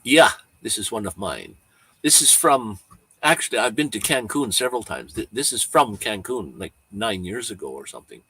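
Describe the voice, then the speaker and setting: Husky, rambling man chatting live. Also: lowish voice, expressive, normal speed, bright, forceful tone. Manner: rambling, easygoing, chuckles often. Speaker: livestream host. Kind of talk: casual livestream chat.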